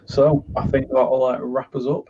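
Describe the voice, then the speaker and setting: Gravelly man, tired jokey podcast host. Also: medium pitch, flat delivery, normal speed, crowd noise. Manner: rambling, tired and jokey, sweary. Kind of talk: casual chat. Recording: muffled lo-fi sound with noise.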